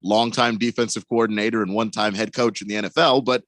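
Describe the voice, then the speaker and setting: A man co-hosting a sports radio show, measured and reasoning, laughing easily. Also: lowish voice, steady tone, fairly bright tone, no room sound. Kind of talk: casual sports talk.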